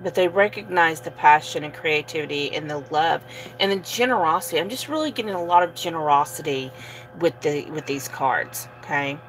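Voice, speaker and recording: A woman giving a casual tarot reading, relaxed and sleepy, with many fillers and soft laughs. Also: deep voice, brisk, a little hiss or hum, low-quality recording. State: sleepy, yawning. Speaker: tarot reader.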